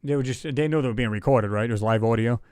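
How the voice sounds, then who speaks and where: A man's voice: medium pitch, quick pace, a little mellow, clean tone, no echo, studio quality. A man hosting a casual livestream chat, talking in a loose, rambling way and reading viewer comments aloud. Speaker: livestream host.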